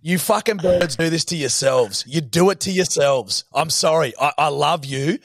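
Gravelly, swearing man ranting. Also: a little high, normal speed, no echo, clean studio sound. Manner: crude, swearing, mock-outraged ranting. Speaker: podcast co-host. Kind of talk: casual banter.

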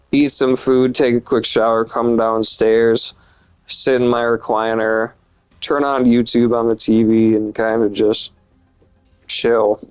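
A man's voice: mid-range voice, clean tone, poor audio. A young man telling a personal story in a loose, rambling way, swearing often and filling gaps with "like" and "and stuff.". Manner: rambling and profane, lots of fillers. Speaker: vlogger. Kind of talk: casual storytime monologue.

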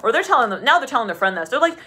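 A woman's voice: a little high, sing-song, racing, pushed and bright, slightly rough. A woman giving a channeled tarot reading, chatty and rambling, laughing often and acting out the voices she describes. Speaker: tarot reader.

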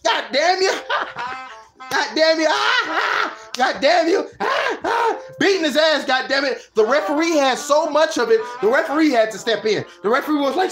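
A man giving loud, profane live fight commentary, swinging from low muttering to high yelling, at home alone at a microphone. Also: expressive, measured pace, soft background music.

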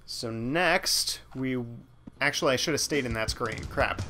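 A man's voice: mid-range voice, normal speed, pushed and bright. A man hosting a let's play, casually commenting on his gameplay with rambling, self-mocking asides. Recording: game music playing underneath. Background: game music.

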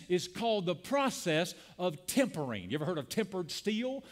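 A man's voice: high voice, big pitch swings, normal speed. Impassioned man preaching a sermon. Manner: preaching with call-and-response and rising emphasis. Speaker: pastor. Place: church sanctuary.

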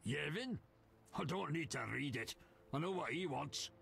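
A man's voice: on the high side, animated, normal speed, vocal fry, a bit bright, a little hiss or hum. An actor voicing a curt, weary male villager in a video game, brushing questions off.

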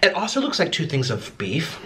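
A man's voice: a little high, wildly swooping pitch, a little fast, fairly bright tone. A man hosting an eating vlog at home, talking to camera in a bossy, dramatic way while chewing his food. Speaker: mukbang vlogger.

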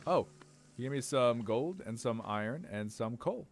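A man giving playful let's-play commentary as a game streamer, swearing and talking back at the creatures on screen, with sudden loud outbursts. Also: medium pitch, lively intonation, normal speed, slight background noise.

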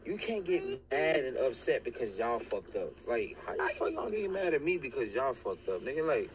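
A man's voice: medium pitch, sing-song, moderate pace. Man, heated casual rant, swears a lot, in a car, noisy clip. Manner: blunt, heated, swears freely. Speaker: boyfriend in a filmed car clip. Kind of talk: casual ranting chat. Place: inside a car at night. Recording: car clip with loud background ambience.

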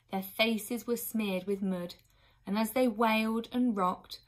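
Woman, storybook reader, expressive, medium pitch, occasional asides. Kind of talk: reading a children's book aloud.

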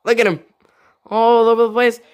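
A man's voice: extremely high pitch, little pitch movement, moderate pace, smooth. A young man hosting a sports reaction video, exclaiming and repeating himself in disbelief. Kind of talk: excited sports reaction commentary.

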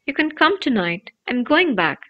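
A woman's voice: high-pitched, very animated, normal speed, lo-fi sound. A woman voicing an earnest, longing young boy in a storybook reading, eager and urgent.

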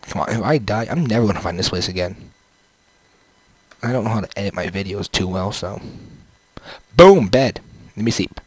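A man's voice: lowish voice, a little fast, pauses often, breathy edge, no echo. A young man casually commenting on his own gameplay through a headset, rambling to himself with playful sing-song bits. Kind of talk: casual let's-play commentary. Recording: game music playing under the voice.

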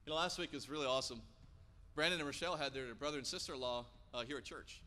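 A man in his thirties preaching a sermon in church, telling stories and acting out the quotes with lively energy. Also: mid-range voice, fast. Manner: animated storytelling, acting out quotes. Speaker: pastor. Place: church sanctuary. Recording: long church hall reverb.

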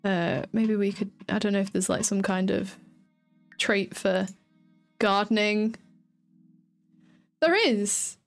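A woman's voice: medium pitch, takes it slowly, long pauses, faint music behind. A tired woman with a chatty, giggly, rambling manner, casually commenting on her gameplay as a streamer.

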